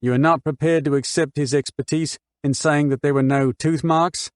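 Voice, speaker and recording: A cool, formal barrister, as a male narrator reads him puts measured questions one after another. His tone is probing and controlled. The recording is dry and close-miked. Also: on the high side, fairly even intonation, dry recording, pitched above the performer's own voice, natural voice.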